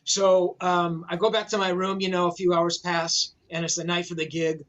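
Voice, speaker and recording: A man's voice: sits high, little pitch movement, normal speed, fairly bright tone, muffled recording. A man in his sixties, a rock journalist, telling a long rambling anecdote in a casual way, full of "you know, man" fillers, over a video call.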